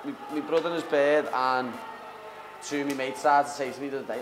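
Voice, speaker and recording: A man's voice: medium pitch, steady tone, quick pace. A young man with a Liverpool accent, a fighter answering questions in a casual interview, cocky and full of banter, calling everyone "lad". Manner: cocky, banter-heavy, says "lad" constantly. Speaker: MMA fighter.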